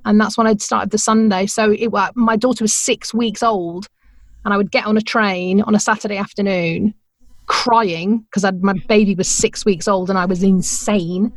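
A middle-aged woman, a radio presenter, telling her career story in a chatty, animated way, laughing often and acting out the voices she quotes. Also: mid-range voice, moderate pace, dry recording, clean studio sound. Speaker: podcast guest, radio presenter. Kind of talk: conversational storytelling.

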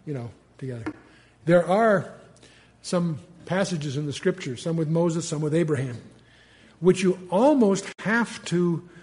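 An older man teaching the Bible in a relaxed, conversational way, reading verses aloud with rising force and then musing with fillers and asides. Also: a little high.

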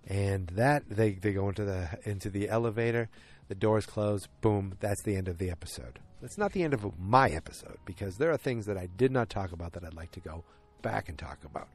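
A man's voice: on the low side, brisk. A man casually recapping a TV episode, rambling and often interrupting himself. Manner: rambling, self-interrupting storyteller.

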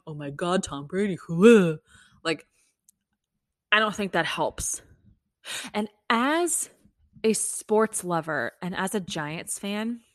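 A woman's voice: on the low side, fairly bright tone, no room sound, clean studio sound. A young adult woman hosting a podcast, ranting bluntly in a casual chat, swearing freely and saying "like" a lot. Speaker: podcast host. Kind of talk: casual opinion rant.

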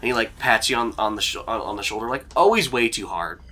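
Bright-voiced laid-back male game master. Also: medium pitch, expressive, quick pace. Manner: casual, rambling, laughs often. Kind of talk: narrating a tabletop game.

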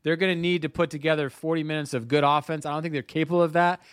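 A man talks casually on a sports podcast, stumbling and restarting his sentences and tossing in jokes. His voice is smooth and crisp, a little higher than most men's, and the recording is dry and close. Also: steady tone, quick pace, no room sound. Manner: stammering restarts, joking asides. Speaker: podcast co-host.

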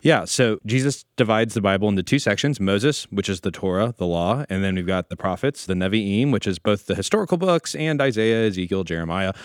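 A man's voice: lowish voice, animated, fairly quick, hardly any pauses, no room sound, studio quality. A man co-hosting a Bible podcast, explaining with energy and a joking streak in a casual discussion. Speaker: podcast co-host teaching about the Bible.

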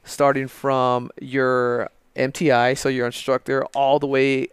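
Co-host, man in his thirties, gravelly yet smooth, laid-back rambling chat. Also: medium pitch, unhurried, no echo. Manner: relaxed and rambling, swears casually. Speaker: podcast co-host, Air Force veteran. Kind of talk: casual chat.

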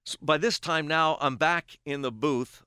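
A man's voice: on the high side, unhurried, clear, resonant tone, dry recording, studio quality. A middle-aged man, a baseball play-by-play announcer, telling a long story on a podcast and acting out the quoted back-and-forth. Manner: animated storyteller who acts out quoted dialogue.

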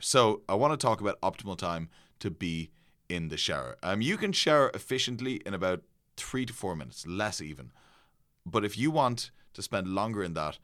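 Man, low voice, podcast co-host, joking and teasing, dry close sound. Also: a bit bright, no echo. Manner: joking, teasing, explains with confidence. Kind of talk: casual podcast chat.

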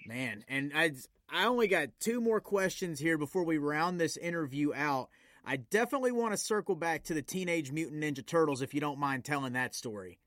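A man's voice: on the high side, lively intonation, fairly quick, a bit bright, no echo, clean studio sound. A man hosting a podcast interview, casual and encouraging, affirming his guest. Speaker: podcast host.

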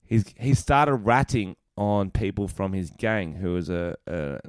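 Brief: young male co-host, loose giggly storyteller, smooth slightly low voice, close dry mic. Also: measured pace, no echo. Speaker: podcast co-host. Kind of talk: casual chat.

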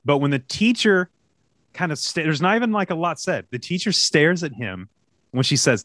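A man's voice: fairly high pitch, moderate pace, dry recording. A middle-aged man co-hosting a podcast, telling stories and acting out dialogue in casual chat. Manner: animated storytelling, acts out dialogue. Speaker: podcast co-host, youth soccer coach.

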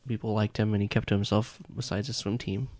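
A man's voice: fairly low pitch, level tone, fast talker, a little mellow, no room sound. A man narrating a tabletop role-playing game as game master in a loose, chatty way.

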